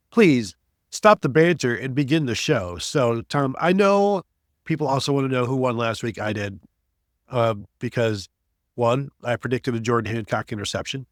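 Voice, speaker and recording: A man's voice: medium pitch, no echo, studio quality. A man hosting a sports podcast with playful, teasing banter. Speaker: podcast host.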